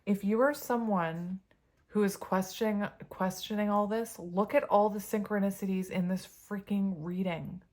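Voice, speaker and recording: A woman's voice: mid-range voice, fairly even intonation, normal speed, a little mellow. Chatty, giggly woman reading tarot. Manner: chatty, giggly, reads card messages aloud. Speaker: tarot reader. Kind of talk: casual tarot reading to camera.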